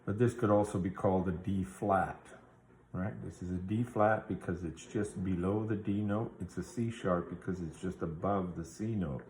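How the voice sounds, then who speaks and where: A man's voice: low voice, normal speed, darkish tone, reverberant, slight background noise. A man teaching a guitar theory lesson, explaining patiently step by step and checking in with the listener. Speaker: music teacher.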